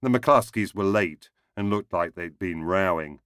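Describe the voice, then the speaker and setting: A man's voice: low voice, measured pace, fairly bright tone, no room sound. A man reading a first-person short story aloud in a dry, wry manner. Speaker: narrator.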